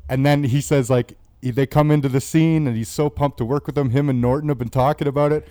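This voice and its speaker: A man's voice: medium pitch, steady tone, quick pace, warm tone, smooth, no room sound, clean studio sound. A man in a casual movie discussion, telling a behind-the-scenes anecdote and swearing freely.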